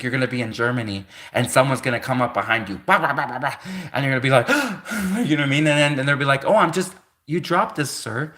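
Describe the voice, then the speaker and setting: With a mid-range voice that sounds bright and forward, this thirtysomething man hosts a livestream and wanders loosely through a casual story. Laughter fills the gaps between his thoughts, while "like" and mid-sentence self-corrections pop up constantly.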